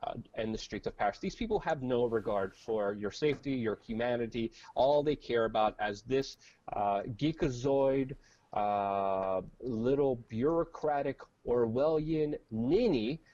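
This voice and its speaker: A man's voice: medium pitch, unhurried, dark tone, dull audio. A man co-hosting casual political commentary, rambling with many fillers and jokes, on a webcam. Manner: rambling, filler-heavy, joking. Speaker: co-host.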